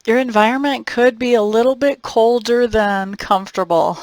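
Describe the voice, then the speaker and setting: A woman's voice: on the high side, fairly even intonation, normal speed, hardly any pauses, a little mellow, dry recording, rough recording. A woman giving a monthly tarot forecast in a chatty, conversational way, often laughing and thinking aloud as she reads. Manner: thinks aloud with fillers and restarts. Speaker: tarot reader.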